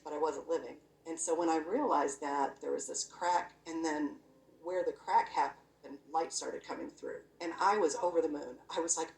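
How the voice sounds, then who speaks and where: A woman's voice: low-pitched, creaky, a little mellow. A woman earnestly recounting a personal spiritual experience in casual, conversational storytelling, often using "you know" and "I'm like". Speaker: guest sharing a near-death experience. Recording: echoey room, voice from a distance.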